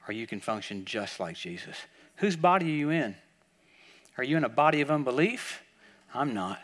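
An older man preaching a sermon, telling stories with lively acted-out quotes, often repeating words and dropping into soft, quiet tones. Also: medium pitch. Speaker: guest preacher. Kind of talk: sermon storytelling.

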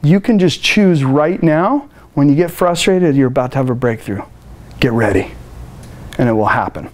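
A man giving a motivational customer service training talk to a live room, energetic and playful, acting out phone calls. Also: mid-range voice, moderate pace.

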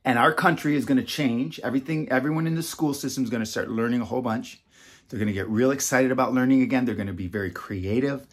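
A husky-voiced man talking to an imagined class of young children. He goes slow, repeats definitions, and coaxes the listeners along with little checks like "right?" and "okay?". His pitch sits in an ordinary middle range. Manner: slow, repetitive, coaxing, talks to children as a class. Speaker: self-styled educator and founder. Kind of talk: slow teacher talk aimed at kindergartners.

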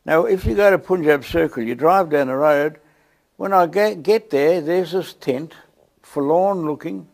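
A man with a South African accent telling a lively testimony story to a church, acting out the scenes as he goes. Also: on the high side, measured pace, creaky. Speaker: guest preacher.

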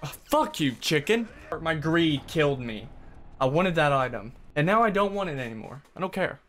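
A man's voice: on the high side, big pitch swings, normal speed, fairly bright tone. A man streaming live gameplay, venting frustration with sarcastic jokes and swearing while he plays. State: sweaty and worked up. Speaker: gaming streamer.

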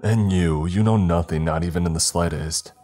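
A man voicing a stern father and former police officer, speaking in a gruff, commanding way. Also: low voice, moderate pace, warm tone, soft background music. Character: stern older father, a former cop, angry.

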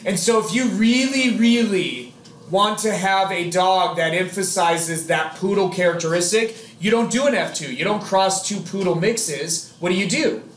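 High-voiced man teaching in an echoey classroom. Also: moderate pace, slight background noise. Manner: chatty, jokey, quizzes students. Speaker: biology teacher. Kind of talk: classroom lecture.

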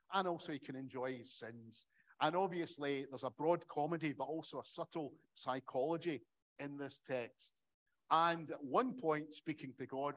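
A man's voice: medium pitch, poor audio. A middle-aged man giving a public academic lecture in a conversational way, with wry asides.

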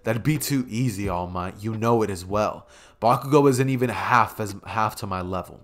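A man's voice: lowish voice, moderate pace, close to an everyday voice. A man voicing a cold, cocky young male hero, speaking dismissively.

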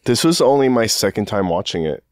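A man's voice: on the low side, very animated, fairly quick, no echo, studio quality. A man co-hosting a casual movie-review podcast, laid-back and rambling. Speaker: podcast co-host.

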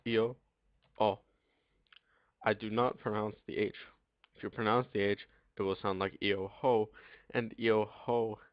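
A young man giving a casual language lesson, pausing often with ums as he works through it, recorded on a computer mic with typing and clicks behind him. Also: on the low side, no room sound. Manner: halting, many ums and pauses. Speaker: teacher. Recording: dull lo-fi dry recording.

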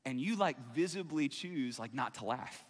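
A man's voice: mid-range voice, expressive, normal speed. A male pastor preaching a sermon in a casual, conversational way, acting out everyday dialogue. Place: church auditorium. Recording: long reverb of a large hall.

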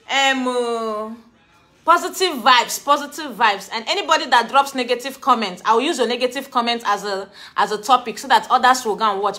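A woman chatting to her followers in a casual vlog, laughing often and ranting with animated energy. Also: a little high. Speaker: vlogger.

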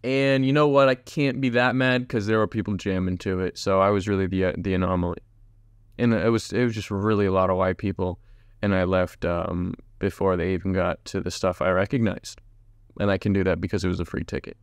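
In a close, dry recording with no surrounding room, a talkative man hosts a casual solo podcast, addressing his viewers and wandering from tangent to tangent. His voice is fairly low, smooth, and clear, with a steady tone and a slightly fast pace.

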